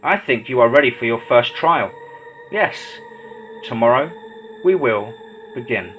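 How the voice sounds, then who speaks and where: A man voicing a sinister, controlling male mad doctor in a horror story, speaking in slow, measured, menacing tones. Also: medium pitch, animated, dull audio, faint music behind, close to an everyday voice. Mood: lecturing.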